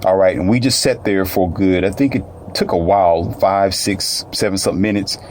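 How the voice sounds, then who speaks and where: A man's voice: low voice, moderate pace, a little mellow, slight background noise. A man telling a personal story in casual, colloquial speech, repeating phrases and addressing listeners directly.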